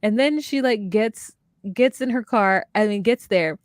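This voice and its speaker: A woman co-hosting a podcast in casual chat, recapping a reality show with sassy, animated storytelling. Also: on the high side, unhurried, no room sound, studio quality. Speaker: podcast co-host.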